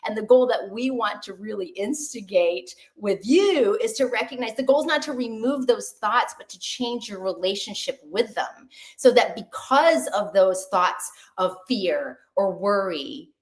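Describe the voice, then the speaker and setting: A woman doctor giving an online webinar talk in a lively, conversational way, asking the audience questions. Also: mid-range voice, a little slow, hardly any pauses.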